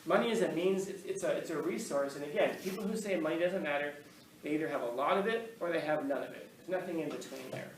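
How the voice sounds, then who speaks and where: Recorded on camera in an echoey room, a man chats casually to an audience, wandering through anecdotes with frequent laughs and false starts. He talks fast in a slightly high voice, sounding off-mic, with faint ambience and some background noise.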